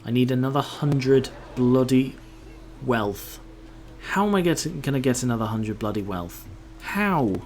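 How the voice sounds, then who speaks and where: Playing through a game, this man talks with a medium, slightly mellow voice that's expressive and measured in pace. He grumbles, drops offhand swears, and mutters loosely to himself like a gameplay commentator, over a faint background hiss.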